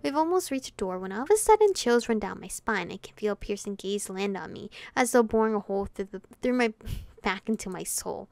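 A woman's voice: mid-range voice, animated, brisk, darkish tone, dry recording. A woman reading a visual novel aloud, giggling and stumbling over names, with music playing behind her.

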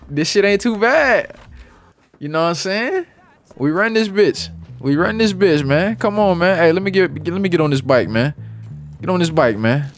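Man, game commentary, swearing a lot, jumpy lively pitch, voice on the high side, faint music behind. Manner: profane, loud outbursts and rambling asides. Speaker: gaming channel host. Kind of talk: casual gameplay commentary.

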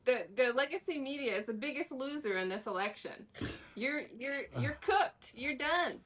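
Bright-voiced woman guest commentator. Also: high voice, expressive. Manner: measured, with many fillers. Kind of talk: political talk show commentary.

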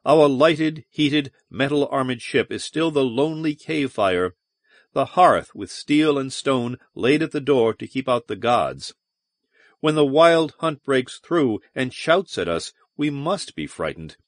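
A man reads out a sardonic, haunted spacer who mocks and broods. His pitch moves widely as he talks. The recording is dry and close. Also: lively intonation, unhurried, no room sound, lightly acted. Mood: brooding. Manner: mocking, sullen, then brooding and dramatic. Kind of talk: audiobook character reading.

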